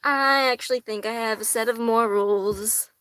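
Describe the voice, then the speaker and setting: A woman's voice: a little high, steady tone, moderate pace, a bit bright, clean tone. A young woman from the US hosting a casual livestream, chatting with viewers, swearing freely and laughing often. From United States. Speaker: tarot livestream host. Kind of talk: casual livestream chat reading viewer comments.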